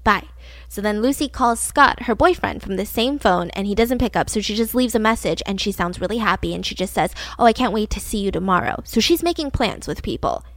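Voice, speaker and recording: A woman's voice: medium pitch, lively intonation, fairly quick, hardly any pauses, no room sound. A woman casually retelling a true-crime story, chatty and full of "like", acting out the quotes. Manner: chatty, peppered with "like", acts out quotes.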